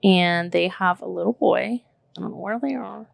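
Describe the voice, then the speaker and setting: Thirties woman podcasting, gravelly low voice, lots of likes, dry close sound. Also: moderate pace, no echo. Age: 30s. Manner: animated, filler-heavy storytelling with frequent "like" and "literally"; outspoken, swears casually. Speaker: podcast co-host. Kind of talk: casual chat.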